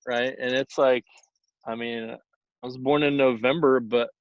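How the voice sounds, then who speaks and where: A man in his thirties from Houston talks in an unhurried, drawn-out way, co-hosting a loose conversation. He meanders through his thoughts with plenty of fillers. The sound is slightly muffled and dry, with no room around it. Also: mid-range voice, steady tone, no room sound. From Houston, Texas. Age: 30s. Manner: rambling, many "like" and "I mean" fillers. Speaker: high school teacher, co-host. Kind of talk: casual unscripted conversation.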